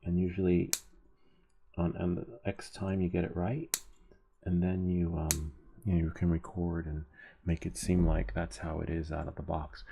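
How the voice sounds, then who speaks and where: A man's voice: low-pitched, flat delivery, normal speed, gravelly, noisy background. A man hosting a DIY tech channel, talking in a loose, rambling way, swearing casually and laughing at himself.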